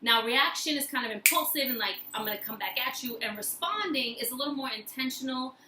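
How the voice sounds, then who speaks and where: Woman, bright tone, slightly high voice, earnest reflective talk, echoey room with faint hiss. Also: expressive, a little fast. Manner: earnest, thoughtful, repeats phrases for emphasis. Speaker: self-help vlogger.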